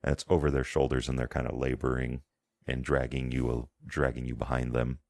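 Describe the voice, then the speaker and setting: Very deep, gravelly man narrating a game. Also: little pitch movement, a little fast, a little mellow, no room sound. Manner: meandering, descriptive, searching for words. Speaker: game master.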